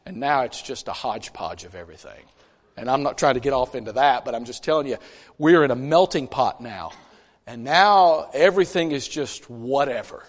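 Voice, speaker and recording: A man preaching a conversational sermon in a church, folksy and animated, with chatty asides between scripture readings. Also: medium pitch, moderate pace. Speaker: pastor. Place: church sanctuary. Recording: long church reverb.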